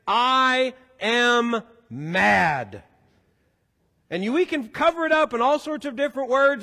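A man's voice: very high voice, a bit bright. A man preaching a sermon as pastor in a church sanctuary, talking in a conversational, joking way. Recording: echoey hall.

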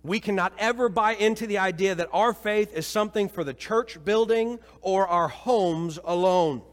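A man from Missouri preaches to his church with a high voice that carries a long reverb through the hall. He tells his story with lively energy, then sinks into low, solemn appeals to the congregation. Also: moderate pace. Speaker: pastor. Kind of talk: sermon.

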